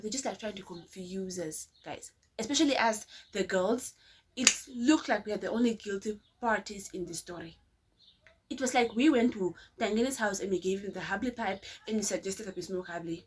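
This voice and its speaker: A woman's voice: mid-range voice, moderate pace, breathy edge. A woman vlogger telling a story to her viewers in a chatty, casual way, often addressing them as guys.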